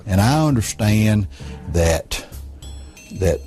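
Low halting man in an interview clip. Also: big pitch swings, mellow, faint music behind. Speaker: interviewed state legislator in archive clip. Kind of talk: recorded interview answer.

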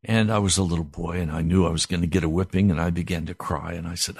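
A pastor telling a personal story in an animated sermon. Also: male voice, low-pitched, fast talker, hardly any pauses, slightly rough, dry recording, clean studio sound.

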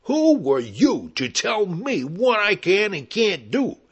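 A man voicing a huge, hostile man who shouts belligerently. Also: high-pitched, big pitch swings, a little fast, creaky, breathy edge, pitched above the performer's own voice, heavily acted.

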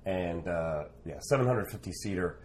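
A man's voice: deep voice, moderate pace, slight background noise. A man from Canada, a former street performer, telling a rambling anecdote in conversation. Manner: rambling, animated anecdote with fillers. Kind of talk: storytelling in conversation.

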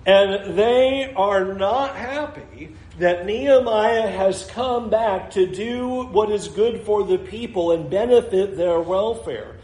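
A man's voice: high voice, takes it slowly, few pauses, darkish tone, reverberant, low-quality recording. A man preaching a sermon in a conversational way, acting out the people in the story as he goes. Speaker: pastor.

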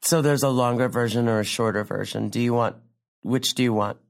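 A brash, self-mocking young comedian with a sardonic streak rambles through a profane stand-up story in a scripted drama. Her pitch jumps high, then drops low for deadpan asides, and her gravelly voice moves fairly quickly with a wry mood.

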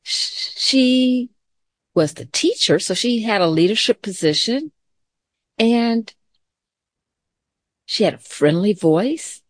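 A middle-aged woman teacher giving a gentle, calm mindfulness lesson to children, mixing story time with questions to the class. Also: a little high, slow, long pauses, dry recording, studio quality.

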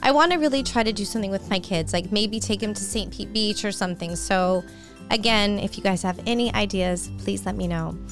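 A woman's voice: medium pitch, a little fast, faint music behind. A middle-aged woman hosting a solo podcast, talking in a candid, personal, conversational way. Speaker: podcast host.

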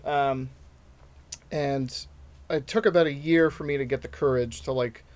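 A man's voice: medium pitch, fairly even intonation, a little slow. A man in his thirties, a stand-up comedian chatting as a podcast guest, telling rambling, self-deprecating stories. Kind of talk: casual podcast chat.

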